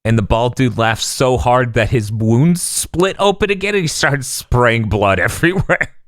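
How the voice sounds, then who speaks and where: A man's voice: medium pitch, lively intonation, unhurried, fairly bright tone, no room sound, studio quality. A man hosting a podcast, recapping an episode casually with frequent laughter and swearing. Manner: laughing, profane storytelling. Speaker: podcast host.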